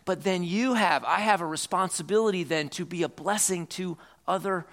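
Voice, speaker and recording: A man delivers a church sermon in a high, gravelly voice. He is earnest and reads scripture aloud, often doubling back on his words mid-sentence. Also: moderate pace, few pauses, a bit bright. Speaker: pastor.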